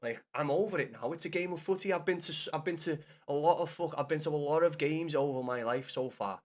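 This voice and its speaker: A young man talks to his live-stream chat in a fairly high voice. He is blunt and sweary, and he teases his viewers in easy, casual banter. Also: fast talker. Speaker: livestreamer.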